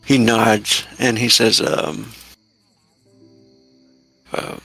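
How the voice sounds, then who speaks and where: A man narrating as game master in an unhurried, hesitant way, with many fillers. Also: fairly low pitch, animated, vocal fry, pushed and bright, soft background music.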